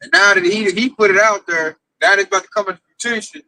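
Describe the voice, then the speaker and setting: A man's voice: sits high, quick pace, pushed and bright, no room sound, rough recording. A man teaching at a religious camp, preaching to the group and reading scripture aloud.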